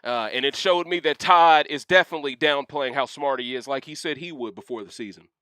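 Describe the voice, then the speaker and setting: A young man hosting a casual livestream rant, reading chat questions aloud and talking in an animated, slangy way full of asides. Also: medium pitch, brisk, smooth, no room sound, studio quality. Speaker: livestream host.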